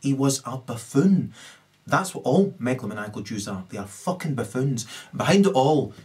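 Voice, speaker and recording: A man's voice: mid-range voice, expressive, normal speed, darkish tone. A man rambles through a solo rant into his camera mic, with a middling voice. He keeps pushing for agreement, tagging "right?" onto his lines.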